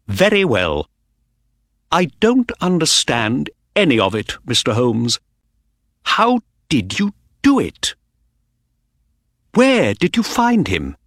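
A man voicing an excitable middle-aged racehorse owner in an audiobook, with loud, eager exclamations. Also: on the high side, no room sound, clean studio sound, pitched above the performer's own voice, heavily acted. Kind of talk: audiobook character reading.

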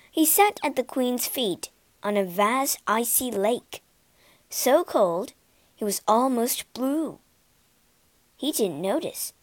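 A woman reading a storybook aloud in a slow, clear, expressive narration. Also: a little high, no room sound. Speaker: storybook reader.

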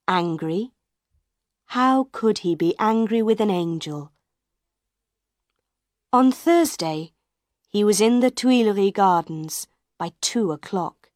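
Woman, audiobook narration, slow, clear, dry close recording. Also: medium pitch, no echo. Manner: slow, clear, simple delivery.

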